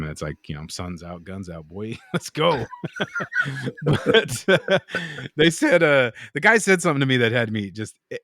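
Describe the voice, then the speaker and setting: Low-voiced man telling rambling stories. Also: fairly bright tone, no echo, studio quality. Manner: rambling storyteller, swears, acts out quotes. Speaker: podcast co-host, knifemaker. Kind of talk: casual chat.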